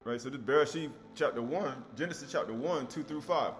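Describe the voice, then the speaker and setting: A man's voice: medium pitch, brisk, faint music behind. Man teaching scripture with emphatic repetition. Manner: emphatic, repeats key words, asks rhetorical questions.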